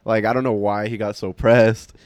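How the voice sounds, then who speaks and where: A man's voice: lowish voice, level tone, normal speed, darkish tone, clean tone. A young man telling stories in casual chat, rambling with lots of fillers and swearing.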